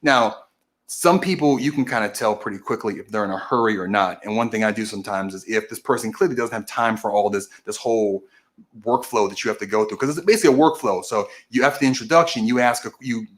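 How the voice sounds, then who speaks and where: A man with a fairly low voice hosts his own stream and explains a process one step at a time. He talks casually and restarts and corrects himself often as he goes. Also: quick pace. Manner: explains methodically, with frequent restarts and self-corrections. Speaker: host of a political stream. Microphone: camera video recording.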